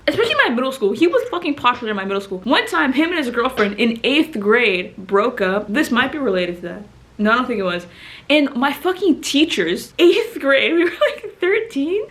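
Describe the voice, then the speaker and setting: A woman's voice: fairly high pitch, fairly bright tone. A young woman telling embarrassing stories to camera in a rambling way, swearing often, laughing through them and sounding sleepy. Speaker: vlogger. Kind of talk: casual storytelling to camera.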